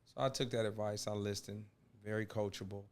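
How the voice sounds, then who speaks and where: A man from Detroit with a low voice that stays fairly even. He tells his story in an earnest, conversational way as a guest on a talk show. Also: a little fast. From Detroit, USA. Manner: earnest storytelling with frequent "you know". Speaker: guest, author and basketball coach. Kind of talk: casual interview talk.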